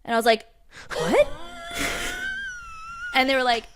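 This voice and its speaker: A woman's voice: very high voice, wildly swooping pitch, measured pace, heavy background noise. A young adult woman co-hosting a podcast, telling stories in a casual chat with lots of fillers and restarts. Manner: chatty storyteller, many fillers and restarts. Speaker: podcast co-host.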